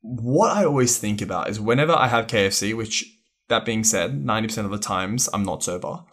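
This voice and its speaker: A man's voice: on the low side, fairly quick, a bit bright. A man co-hosting a podcast, telling stories and laughing often in casual banter. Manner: laughs often, chatty storytelling. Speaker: podcast co-host.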